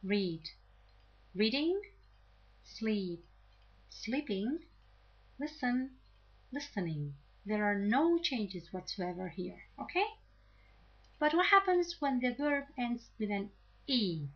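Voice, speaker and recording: Patient woman teacher, slow and deliberate, lesson voice, slightly muffled recording. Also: a little high, very animated, breathy edge. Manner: slow, patient, checks in with "okay?". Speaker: English teacher. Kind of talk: grammar lesson to camera. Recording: slightly dull lo-fi audio.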